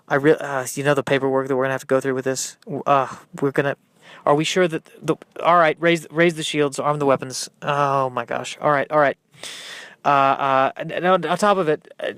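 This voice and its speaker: Fretting, stammering spaceship captain who frets over paperwork and can't make a decision, voiced by a man in a comedy audio sketch. His slightly high voice is recorded dry and close, with no room sound at all. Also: fairly bright tone, dry recording, lightly acted. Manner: stammering, fretful, apologetic. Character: flustered, dithering male starship captain.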